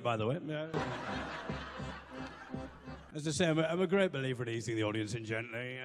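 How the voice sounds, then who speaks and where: Deadpan man doing stand-up in a hall. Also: mid-range voice, fairly quick, over loud music. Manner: deadpan, self-deprecating banter with the audience. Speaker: stand-up comedian. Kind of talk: stand-up comedy with comic songs. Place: live comedy venue. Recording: long reverb of a hall.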